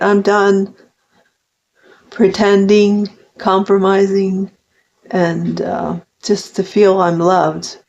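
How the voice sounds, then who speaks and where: Older woman with a gravelly voice. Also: mid-range voice, little pitch movement, slow pace, darkish tone. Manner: rambling, heartfelt, with frequent restarts. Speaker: vlogger. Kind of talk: personal confessional monologue. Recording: dull lo-fi recording.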